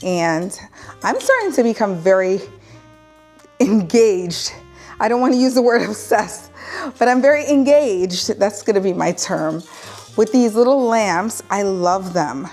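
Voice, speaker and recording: A woman talks through a home decor haul in a loose, chatty way, often stopping to correct herself. Her voice sits at a middle pitch. Soft music plays faintly behind her. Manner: chatty, rambling, self-correcting. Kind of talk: casual haul vlog.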